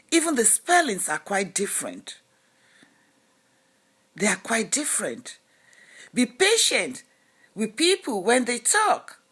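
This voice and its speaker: A woman's voice: high voice, bright, forceful tone, slightly rough. A woman vlogger giving an emphatic motivational talk, full of rhetorical questions and advice. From lives in Canada. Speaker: lifestyle vlogger.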